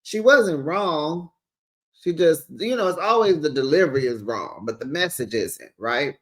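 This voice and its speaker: A man's voice: a little high, lively intonation, a little slow, fairly bright tone. A middle-aged man chatting through a reality TV recap in a gossipy way, talking into a screened studio microphone in his home office. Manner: chatty, gossipy, calls viewers child and besties. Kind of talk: casual recap commentary. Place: home office with sound panels, door closed. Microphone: studio microphone with pop screen.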